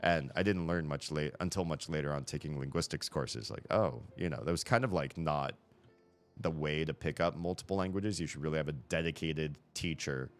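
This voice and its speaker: A man's voice: very deep voice, fairly quick, soft background music. A man hosting a live stream, rambling through casual chat and correcting himself as he thinks aloud into a headset mic.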